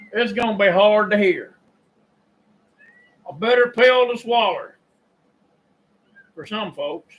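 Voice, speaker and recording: An older man with a Kentucky drawl tells a rambling, folksy story at an unhurried pace. His voice sits high and has a bright, forceful edge. He clears his throat now and then. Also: animated, slight background noise, rough recording. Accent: Southern US (Kentucky). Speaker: YouTube preacher and storyteller. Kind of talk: casual monologue.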